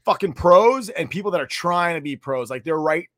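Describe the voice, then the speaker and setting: A man co-hosting a sports podcast, chiming in casually with quick remarks and swearing. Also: a little high, lively intonation, a bit bright. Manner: quick interjections, swears freely. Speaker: podcast co-host.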